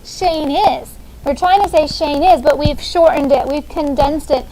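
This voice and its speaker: A woman's voice: sits high, measured pace, warm tone, a little hiss or hum, low-quality recording. A woman in her thirties teaching a classroom grammar lesson, upbeat and often checking in with "okay?". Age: 30s.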